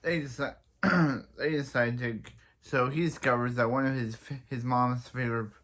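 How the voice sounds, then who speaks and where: Young man, casual episode recap, rambling, stumbling, self-correcting, mid-pitched voice. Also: fairly even intonation, moderate pace, fairly bright tone. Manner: rambling, stumbling, many restarts. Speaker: show reviewer.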